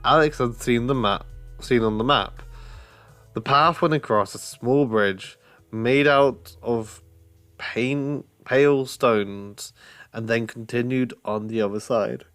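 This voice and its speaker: Slow, stumbling man reading a storybook. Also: mid-range voice, a bit bright, clear, resonant tone. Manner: stumbling, self-correcting, swears aside. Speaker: reader. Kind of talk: casual read-aloud of a children's novel.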